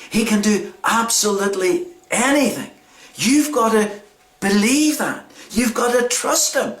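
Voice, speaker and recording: Animated storyteller. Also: medium pitch. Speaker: children's talk leader. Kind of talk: Bible storytelling for children. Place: church. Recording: echoey church hall.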